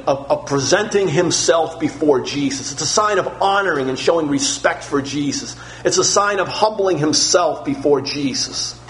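A man's voice: high-pitched, slight background noise, rough recording. A man preaching an expository sermon, emphatic and repetitive, firing off rhetorical questions.

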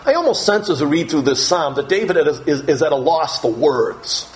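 A man preaching a sermon with a lively, swinging pitch and a somewhat high voice. He reads scripture aloud and leans hard on key phrases, his voice rising with emphasis. A faint hiss of noise sits under the recording. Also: quick pace, few pauses, rough recording. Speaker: pastor.

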